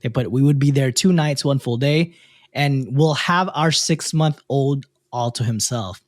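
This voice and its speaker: A man's voice: mid-range voice, unhurried, no echo, studio quality. A man hosting a casual podcast, reading posts aloud and breaking off to comment to his co-hosts. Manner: reads posts aloud with lively asides.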